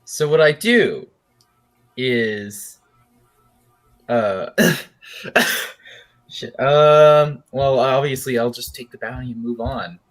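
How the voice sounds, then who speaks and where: A man's voice: mid-range voice, lively intonation, extremely slow, long pauses. Guy player in a tabletop game, casual, swears constantly. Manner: crude, swears a lot.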